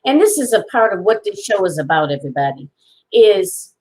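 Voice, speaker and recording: A woman's voice: medium pitch, sing-song, fairly quick, a little mellow, slightly rough, low-quality recording. A woman hosting a talk show, sounding moved and affirming after a guest's story. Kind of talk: casual chat.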